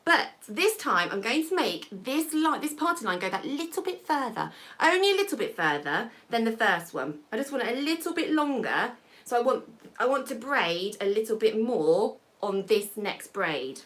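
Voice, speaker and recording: A woman's voice: a little high, sing-song, moderate pace. A woman, hosting a live hair tutorial and chatting with viewers as she works. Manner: chatty, warm asides to viewers while working. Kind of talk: live-stream hairstyling tutorial chat.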